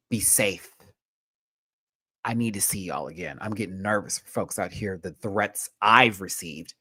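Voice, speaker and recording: A man hosting a casual livestream, talking in a sassy, slangy way that swings from hushed asides to loud, emphatic pleas. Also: on the low side, moderate pace, dry recording. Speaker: host.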